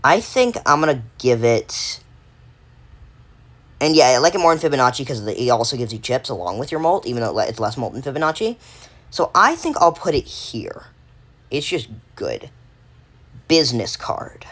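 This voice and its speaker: A woman's voice: a bass voice, sing-song, moderate pace, pauses often. A woman giving casual unscripted commentary while ranking game cards, rambling and correcting herself with lots of fillers.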